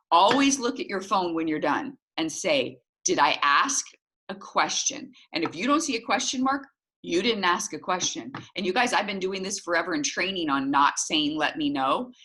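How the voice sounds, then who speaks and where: A middle-aged woman coaching her sales team, animated, acting out little dialogues in different voices. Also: moderate pace. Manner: animated, acts out little dialogues with jumps in pitch.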